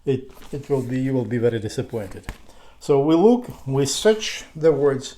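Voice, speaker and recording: A teacher explaining a kanji study method, speaking haltingly and often restarting sentences while searching for words. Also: medium pitch, very animated, dark tone.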